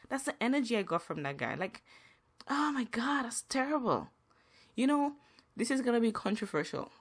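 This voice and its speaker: A woman hosting a solo podcast, venting emphatically and repeating herself, her pitch rising when upset. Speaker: podcast host.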